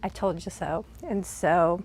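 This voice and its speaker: Earnest, emotional mom vlogger. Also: female voice, on the low side, a little slow, a little hiss or hum. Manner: rambling, emotional, earnest, with restarts and religious gratitude. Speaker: vlogger and mother. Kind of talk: casual vlog chat.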